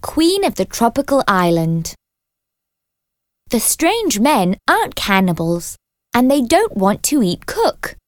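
A woman reading a children's storybook aloud as narrator, clear and expressive. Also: on the high side, slow, dry recording, clean studio sound.

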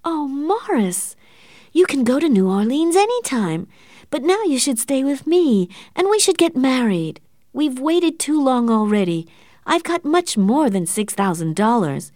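A woman voicing an anxious young woman who pleads in a high, tearful voice. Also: sing-song, measured pace, no room sound, studio quality. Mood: pleading.

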